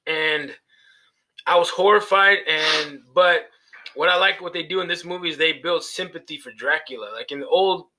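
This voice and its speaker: Guy rambling on a podcast about horror flicks, swears a lot, bright fairly high voice. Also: normal speed, low-quality recording. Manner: rambling, profane, laughs at his own jokes. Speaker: podcast co-host. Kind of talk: casual chat about horror movies.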